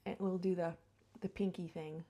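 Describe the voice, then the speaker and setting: A woman's voice: on the low side, steady tone, moderate pace, warm tone. A middle-aged woman chatting through a get-ready-with-me beauty vlog, rambling and laughing, sometimes dropping to a whisper. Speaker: beauty vlogger. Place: home.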